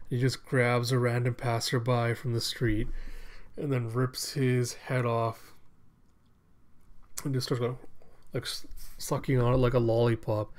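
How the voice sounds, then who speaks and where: Male comic reader, relaxed chatty narration. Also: mid-range voice, measured pace, long pauses. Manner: chatty, offhand. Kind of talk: casual comic readthrough narration.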